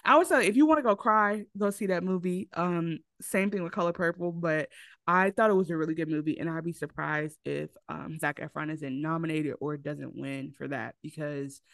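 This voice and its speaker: A woman's voice: sits low, normal speed, vocal fry, no room sound. Woman w/ gushing about movies on a podcast, dry close sound. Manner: animated storytelling with acted quotes. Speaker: podcast co-host. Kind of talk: casual chat.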